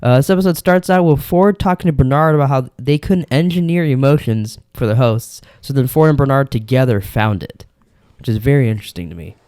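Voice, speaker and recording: A man's voice: medium pitch, a little fast, mellow, dry recording, clean studio sound. A man hosting a casual podcast chat, rambling and joking with friends. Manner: joking, rambling, does silly voices. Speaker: podcast host.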